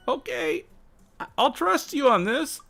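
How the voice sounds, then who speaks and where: A man talks to his stream chat while practicing a language. He speaks slowly in a low, gravelly voice that often drops into fry. His talk rambles, and he chuckles as he sounds out words. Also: fairly bright tone. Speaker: live streamer learning Japanese. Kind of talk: casual live-stream chat.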